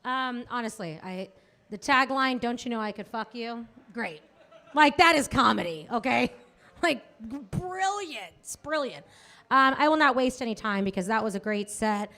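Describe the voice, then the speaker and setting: A woman's voice: a little high, animated. A woman hosting a comedy night in a small club, chatting casually between acts and bringing up the next comic. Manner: chatty, ends with a loud drawn-out introduction. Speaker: comedy show host.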